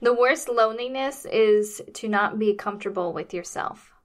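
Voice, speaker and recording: A woman's voice: fairly high pitch, normal speed. A woman co-hosting a casual podcast, reading quotes aloud and adding chatty asides, a parent talking about her kids. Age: adult parent. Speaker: podcast co-host.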